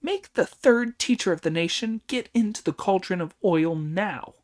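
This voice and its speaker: A man voicing a brash, hot-tempered immortal monkey hero who shouts taunts in a raised voice. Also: moderate pace, natural voice. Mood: furious. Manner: shouting taunts, loud and high.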